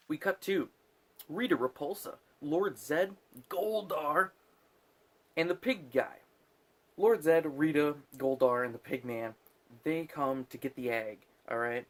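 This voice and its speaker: Fairly high in pitch and measured in pace, a tipsy male host recaps a movie casually, wandering off topic, cursing freely, and cracking himself up.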